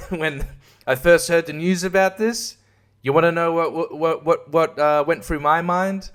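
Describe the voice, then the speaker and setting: A man's voice: a little high, a bit bright, clear, resonant tone. An Australian man hosting a podcast, ranting in a casual monologue that is profane and sarcastic, laughing often. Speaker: podcast host and comedian.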